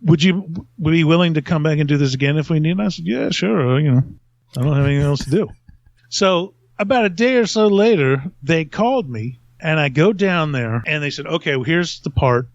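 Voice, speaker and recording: A man's voice: on the high side, expressive, brisk, no room sound, dull audio. A man telling a long story in casual podcast chat, rambling and self-mocking, laughing often.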